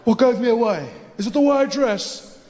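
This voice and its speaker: A man putting on a suave male spy with a cool, flirtatious way of talking, his voice sitting high. The sound carries a long hall reverb with a faint hum of ambience behind it. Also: expressive, moderate pace, a little mellow.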